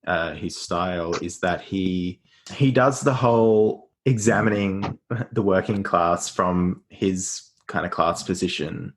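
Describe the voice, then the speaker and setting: A man with a low voice takes part in a casual podcast discussion. He reasons his points out aloud and leans on many fillers and restarts. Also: slow pace. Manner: thoughtful, filler-heavy analysis. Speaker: podcast panelist.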